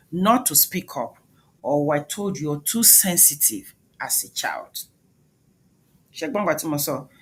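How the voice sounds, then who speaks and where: A woman's voice: deep voice, breathy edge. A woman with a Nigerian accent giving an emphatic motivational talk, questioning the audience directly. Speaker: speaker, doctor.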